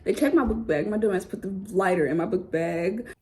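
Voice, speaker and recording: A young woman telling a story casually to camera, animated and slangy, swearing often. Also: medium pitch, brisk, a little hiss or hum. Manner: animated storytelling, acts out others' voices. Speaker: vlogger.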